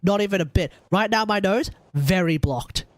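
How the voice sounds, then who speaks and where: A man's voice: high-pitched, normal speed, dry recording. A man streaming a game, nasal and stuffy from a cold, rambling and joking as he repeats himself. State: blocked nose from a cold. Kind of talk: casual live-stream chat.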